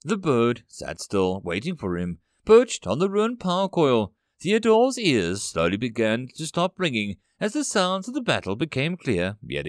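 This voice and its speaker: A man narrating a sci-fi story as an audiobook, dramatic and expressive. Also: mid-range voice, dry recording, studio quality.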